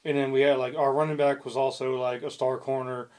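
A man's voice: mid-range voice, little pitch movement, brisk, a little mellow, clean tone. A young man co-hosting a casual podcast, telling stories in a rambling way, full of fillers, restarts and swearing. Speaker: podcast co-host. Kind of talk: casual chat.

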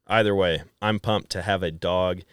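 A middle-aged man from Wisconsin, a podcast guest who tells stories in a casual, animated way and acts out quoted dialogue. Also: low voice, moderate pace, clean tone, no echo, studio quality. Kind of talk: casual storytelling chat.

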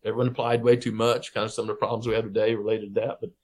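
Middle-aged man, folksy interview guest, animated storyteller who acts out the people he quotes. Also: on the low side, rapid-fire. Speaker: podcast guest, wildlife researcher.

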